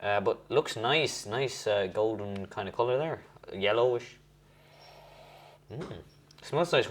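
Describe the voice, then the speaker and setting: A young man takes it slowly, leaving long pauses, his voice lowish, with a little background noise. He's at home hosting a relaxed beer-tasting vlog, rating each beer as he rambles and corrects himself.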